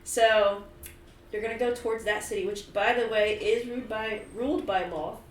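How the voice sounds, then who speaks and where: A woman's voice: mid-range voice, steady tone, normal speed. Giggly young woman running a tabletop game. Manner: laughs often, swears freely, bursts into loud yelps. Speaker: game master. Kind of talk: casual chat and tabletop game narration. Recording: roomy, distant mic, faint background ambience.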